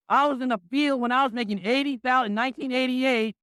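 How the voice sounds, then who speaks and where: A man's voice: very high-pitched, steady tone, fast, few pauses, sharp tone, clear, resonant tone, no echo. A man in his sixties giving a blunt, punchy motivational talk to a business crowd, often tossing in "right?".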